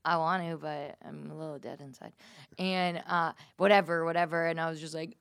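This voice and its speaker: A young woman comedian hosts a loose, casual chat with a low-pitched voice. She tells self-deprecating stories and slips into quick voices for everyone in them. The sound is dry and close. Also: fairly bright tone, smooth, dry recording. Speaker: comedian and podcast host.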